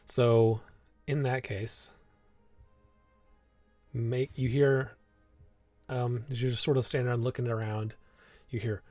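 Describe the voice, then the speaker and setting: A man's voice: mid-range voice, steady tone, measured pace, long pauses, a little mellow, dry recording, soft background music. A man running a tabletop game as game master, narrating loosely with fillers and frequent laughs.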